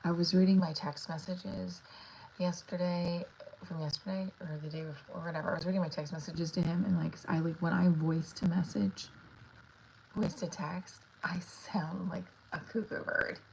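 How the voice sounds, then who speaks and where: Woman, thirties, rambling livestream chat, low-pitched, slight background hiss. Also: little pitch movement, normal speed, gravelly, mellow, rough recording. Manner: rambling, filler-heavy, talks to viewers. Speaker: comedian livestreaming.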